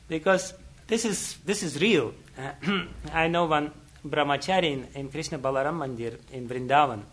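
A man's voice: on the high side, a little slow, fairly bright tone. A man giving a spiritual talk, telling a story and chuckling often, with many "you know"s. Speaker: spiritual teacher. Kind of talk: storytelling lecture.

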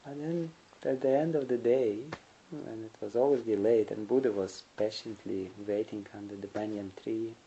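A man's voice: on the low side, fairly even intonation, moderate pace, warm tone, muffled recording, slight background noise. A man giving a spiritual lecture, telling stories in a rambling way and chuckling often. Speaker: spiritual teacher.

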